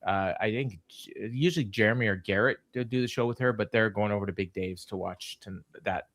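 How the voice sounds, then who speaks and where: A man's voice: lowish voice, fairly quick, a bit bright, no echo, clean studio sound. Rambling man telling stories. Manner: rambling storyteller, many ums and restarts. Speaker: co-host. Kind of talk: casual podcast chat.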